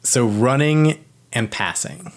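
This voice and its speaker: A man's voice: mid-range voice, expressive, slow. A man in casual chat explaining football rules, rambling with many restarts and fillers. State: out of breath.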